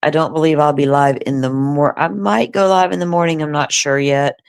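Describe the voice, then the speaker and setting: A woman's voice: low-pitched, steady tone, normal speed, vocal fry, clear, resonant tone, no echo. A woman co-hosting a true crime livestream, chatting casually and rambling with many fillers.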